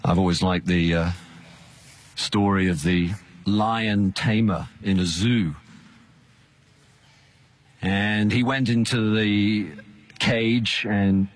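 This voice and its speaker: A male pastor delivering a sermon in an earnest, emphatic cadence. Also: lowish voice.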